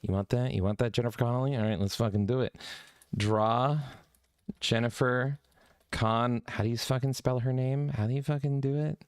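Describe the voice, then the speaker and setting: Podcast guy cohost, rowdy and swearing a lot, smooth clean voice. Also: mid-range voice, steady tone, moderate pace, dry recording, studio quality. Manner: rowdy, profane, goofy. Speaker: podcast co-host. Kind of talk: casual gaming podcast chat.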